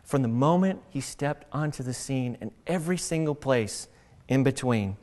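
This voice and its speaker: A male pastor giving a sermon, reading scripture aloud and then preaching with animated, acted-out voices. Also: mid-range voice, normal speed, long reverb tail. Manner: animated, acts out mocking voices.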